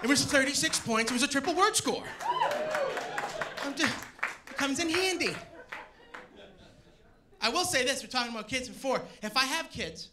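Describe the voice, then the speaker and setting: A man doing a stand-up comedy set on stage, animated and shouting his punchlines. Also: extremely high pitch, normal speed, pauses often, very noisy. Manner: animated, loud punchlines to a laughing crowd. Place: comedy stage before a live audience. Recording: live show with loud crowd laughter.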